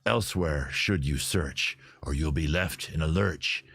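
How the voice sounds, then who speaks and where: A man voicing a ghostly male cartoon pirate with a gravelly, low voice, reciting a rhyme slowly. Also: fairly bright tone, dry recording, heavily acted. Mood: drawling. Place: outdoors by a fire.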